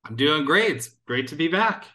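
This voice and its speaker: A man's voice: a little high, expressive, normal speed, pushed and bright. A man appearing as a podcast guest, explaining small business advice in an upbeat, advisory way. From United States. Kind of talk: casual interview answers.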